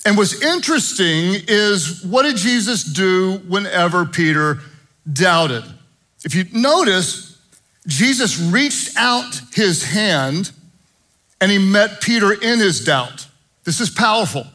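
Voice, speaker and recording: A man preaching a sermon as pastor, earnest, moving between hushed prayer and animated storytelling. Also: high voice, takes it slowly, low-quality recording.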